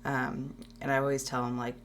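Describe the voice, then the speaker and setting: A woman hosting a tribute show, talking haltingly with many fillers and restarts while holding back tears. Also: very deep voice, flat delivery, slight background noise. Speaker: show host. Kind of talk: emotional tribute talk.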